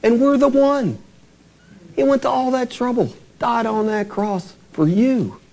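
A man preaching a sermon in a church, earnest, slowing down to quote scripture and lifting his voice for emphasis. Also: creaky, a little mellow. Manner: earnest, rises and falls in pitch for emphasis, slows to quote scripture.

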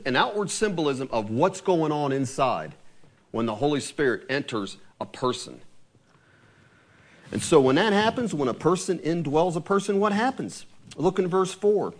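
Man preacher in a church, casual sermon, lively voice, slightly higher pitch, checks in with listeners. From Ohio. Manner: conversational preaching, asks tag questions. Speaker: pastor.

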